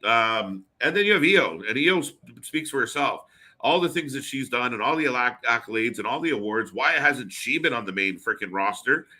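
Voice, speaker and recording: A man co-hosting a live wrestling watch party stream, chatting casually with fillers and quick reactions. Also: medium pitch, lively intonation, sharp tone.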